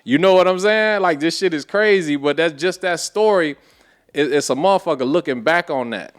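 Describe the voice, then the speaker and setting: A man, a podcast guest, telling a story in a casual, animated way with profane street slang. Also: fairly high pitch, normal speed, clean tone.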